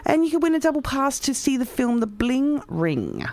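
A woman's voice: high-pitched, big pitch swings, moderate pace, darkish tone. An Australian woman hosting a breakfast radio show, chatting casually and playfully with plenty of fillers.

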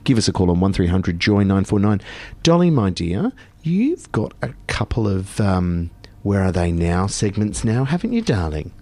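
A man's voice: low voice, sing-song, normal speed, a little mellow, no echo. A man hosting a radio show, bantering in a camp, playful and teasing way. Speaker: radio host.

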